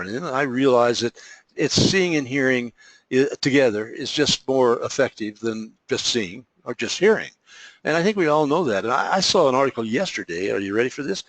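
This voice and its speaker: A man's voice: mid-range voice, no room sound. A man hosting an informal presentation, rambling with many fillers, restarts and folksy exclamations while walking through examples on screen. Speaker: host presenting an insurance marketing service.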